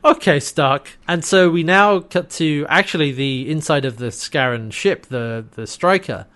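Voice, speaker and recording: A man's voice: a little high, a little slow, smooth. Man retelling a scene in casual chat. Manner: retells scenes, quoting lines softly. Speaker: podcast co-host.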